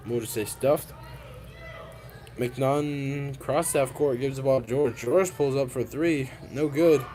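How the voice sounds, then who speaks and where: A young man co-commentating on a school basketball game, calling the plays in an unhurried way. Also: mid-range voice, warm tone. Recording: noisy gym ambience behind.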